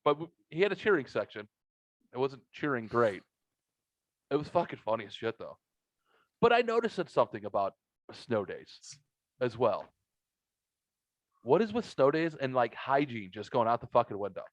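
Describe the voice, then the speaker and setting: A middle-aged man hosting a podcast, telling a story in a casual, profane and animated way. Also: medium pitch, moderate pace, long pauses, dry recording. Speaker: podcast host. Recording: dull lo-fi audio.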